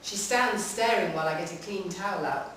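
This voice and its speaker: A woman giving a live, measured reading of a short story in a public library room. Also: lowish voice, fairly bright tone, slight background noise. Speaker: reader. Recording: echoey hall from far off.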